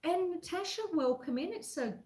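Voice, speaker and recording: A woman's voice: very high-pitched, expressive, normal speed, a little mellow, reverberant, rough recording. An Australian woman hosting a casual live-stream baking chat from her home kitchen. She is chatty and self-deprecating, and she reads viewers' messages aloud while she cooks.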